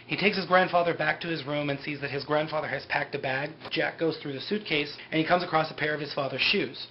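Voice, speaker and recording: Guy rambling through a tv recap, kinda high voice, dull lo-fi sound w faint hiss. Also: quick pace. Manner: loose and rambling, lots of "like" and "you know". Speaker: TV episode recapper. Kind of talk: casual recap chat.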